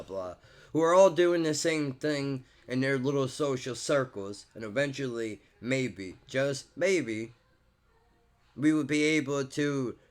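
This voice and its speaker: A man rants straight at the listener, cursing freely and calling everyone bro or dude. His voice sits a touch high and swings hard, sinking to low mutters and then spiking into loud, heated bursts. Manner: profane, heated, says "bro" and "dude" a lot. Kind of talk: ranting monologue to camera.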